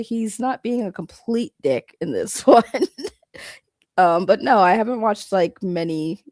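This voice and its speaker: A woman's voice: mid-range voice, darkish tone, no room sound, clean studio sound. A woman co-hosting a casual reaction show, chatting in an easygoing, hedging way. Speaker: co-host. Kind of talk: casual chat.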